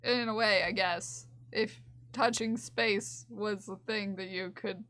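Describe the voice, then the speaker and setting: A woman's voice: medium pitch, fairly even intonation, slow pace, a bit bright. A young woman streaming from home, talking to her chat in a giggly, gushing way on a desk mic. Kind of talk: casual live-stream chat.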